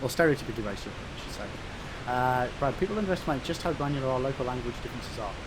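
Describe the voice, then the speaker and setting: A man's voice: mid-range voice, expressive, very fast, noisy background. A man with an English Midlands accent chatting casually with his stream's chat while playing, swearing freely and answering viewers by name. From England. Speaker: gaming streamer. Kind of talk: casual livestream chat reading viewer messages.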